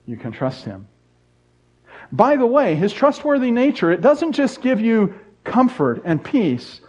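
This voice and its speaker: A man's voice: very high-pitched, huge pitch swings, a little slow, a little mellow. Earnest middle-aged male pastor, lo-fi. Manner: earnest, repetitive emphasis with joking asides. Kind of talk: sermon. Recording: dull lo-fi sound.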